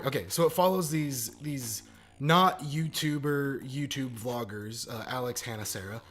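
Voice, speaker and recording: A man hosting his own video channel, giving a casual spoken review that rambles and corrects itself, jumping from loud bursts to muttered asides. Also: medium pitch, normal speed. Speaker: video game channel host. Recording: faint background music.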